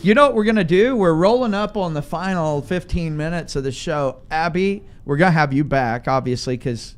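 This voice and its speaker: A man from Oklahoma with a deep Southern accent, hosting a show in folksy, joking casual chat. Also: moderate pace. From Oklahoma, USA. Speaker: radio show host.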